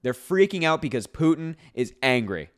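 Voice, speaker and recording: A man's voice: fairly high pitch, sing-song, moderate pace, clear, resonant tone. Sarcastic man doing video commentary. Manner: sarcastic, incredulous, reacting to posts; laughs between points. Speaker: political commentator.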